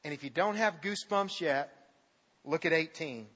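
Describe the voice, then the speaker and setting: High, bright-voiced preaching man. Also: normal speed. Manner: dramatic, jokey storytelling, reads scripture with big emphasis. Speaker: pastor. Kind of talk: sermon. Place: church sanctuary. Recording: dull reverberant hall sound.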